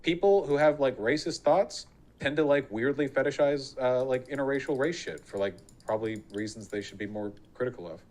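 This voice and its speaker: A man's voice: mid-range voice, a little mellow. A man talking casually on a stream, rattling off opinions in a rush and hedging with frequent fillers. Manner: rapid, hedging with 'like'. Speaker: streamer in a played clip.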